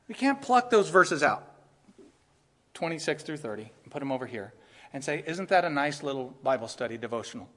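A man preaches a sermon with a high-pitched voice, rising into emphatic bursts and breaking into laughter as he drives his points home. His voice carries a long reverb, as if filling a large hall. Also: a bit bright. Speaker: pastor.

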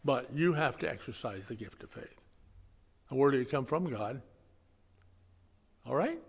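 A man preaching a sermon in a folksy, conversational way, swinging between loud stressed words and quiet asides. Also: mid-range voice, expressive, measured pace, creaky, husky, long reverb tail. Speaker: pastor.

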